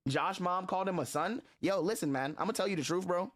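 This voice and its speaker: A man's voice: high voice, fairly quick, fairly bright tone. A man streaming, telling a story to his chat in an earnest, blunt way with heavy slang and a lot of repetition.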